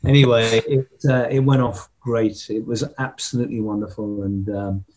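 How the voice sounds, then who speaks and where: A man's voice: lowish voice, flat delivery, normal speed, darkish tone. An older man, an interview guest, telling stories in a casual way and vocally mimicking drum patterns. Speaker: interview guest, rock drummer.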